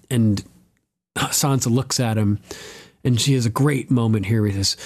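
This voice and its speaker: A male podcast host recapping a TV episode in relaxed, casual chat. He is animated, laughs often and swears freely. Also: mid-range voice, normal speed, vocal fry.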